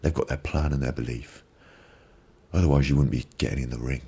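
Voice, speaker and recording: A man with an extremely deep, gravelly voice and a husky edge gives a motivational talk on a live stream. He speaks reflectively and repeats phrases for emphasis, close on a binaural microphone. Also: steady tone, fairly quick, mellow. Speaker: ASMR live-stream host.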